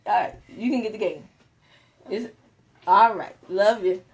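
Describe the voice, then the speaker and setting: A chatty, animated woman, hosting a casual Facebook Live and laughing often as she talks to viewers. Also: mid-range voice, a little slow. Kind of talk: casual live-stream talk.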